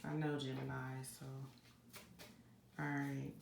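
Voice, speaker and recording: Gravelly low-voiced woman doing a card reading. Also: slow. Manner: chatty, conversational, addresses viewers directly. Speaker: psychic card reader. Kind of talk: casual reading monologue to viewers. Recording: echoey room with steady background noise.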